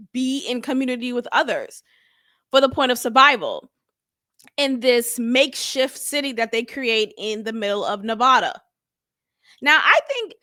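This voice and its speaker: A woman's voice: high-pitched, no echo, studio quality. A woman hosting a reality TV review, giving casual commentary with lots of jokes, laughter and swearing. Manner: animated and joking, laughs and swears freely. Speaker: host of a reality TV review channel.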